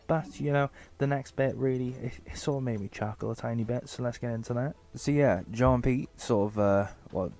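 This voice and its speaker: A man gives a joking, sarcastic review of a book in a casual, chatty delivery. His speech is loose and full of fillers, at an average pitch for a man. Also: a little fast, few pauses, a little mellow.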